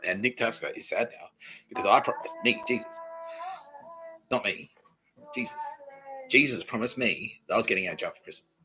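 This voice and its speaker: A man's voice: on the low side, animated, moderate pace, pauses often, pushed and bright, soft background music, low-quality recording. An Australian man hosting a podcast, talking alone in a rambling, profane, repetitive way. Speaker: podcast host. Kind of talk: rambling solo monologue.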